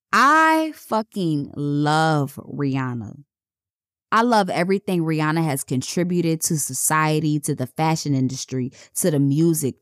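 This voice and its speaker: A woman's voice: low voice, dry recording, clean studio sound. A woman hosting a casual podcast monologue, talking bluntly and emphatically with plenty of swearing. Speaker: podcast host.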